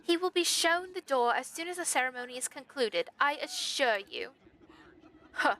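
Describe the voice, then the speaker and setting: A woman voicing a pompous, arrogant male stag king in a game, speaking in a haughty, drawn-out regal manner. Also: high voice, lively intonation, sharp tone, pitched above the performer's own voice, exaggerated voice, low-quality recording.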